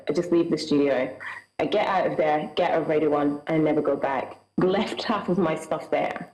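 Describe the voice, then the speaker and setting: A Scottish woman with a lowish, darkish voice, heard in a rough, reverberant recording. She's a guest recounting a personal experience earnestly and vividly, acting out what people said.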